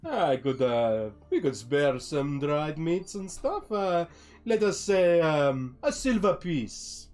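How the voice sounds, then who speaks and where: Guy doing a polite vistani wanderer, a bit higher and louder than his own voice, lots of ums. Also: expressive, takes it slowly, soft background music. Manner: polite, hesitant with fillers. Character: courteous male Vistani caravan traveler.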